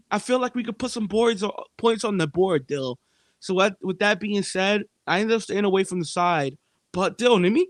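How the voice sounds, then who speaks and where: A man's voice: high voice, dry recording, studio quality. A man co-hosting a sports betting podcast, talking emphatically and repeating himself as he makes his case to listeners. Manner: emphatic, repetitive, addresses listeners as "people". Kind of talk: casual sports betting chat.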